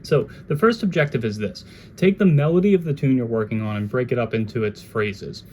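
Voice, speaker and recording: A man giving a casual jazz guitar lesson, talking in a relaxed, conversational way and now and then scatting melodies. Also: medium pitch, brisk, slight background noise.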